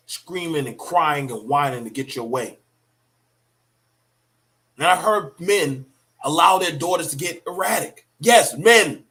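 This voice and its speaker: A man's voice: on the high side, a little slow, a bit bright. Blunt, profane middle-aged man preaching. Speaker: commentator on parenting. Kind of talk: casual opinion monologue.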